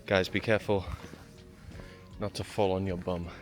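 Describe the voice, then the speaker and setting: Out of breath on the climb to a hillside shrine, a travel vlogger talks to his camera in a self-mocking way as he walks the trail and road outdoors. His low voice is flat and moderately paced, with soft music playing behind him in this walking travel vlog.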